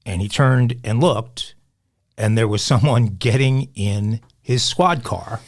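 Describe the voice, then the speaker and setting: A man hosting a podcast, telling a news story in a relaxed, conversational way with frequent "uh" fillers. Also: mid-range voice, takes it slowly. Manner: narrates news story, laughs easily, some fillers. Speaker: podcast host.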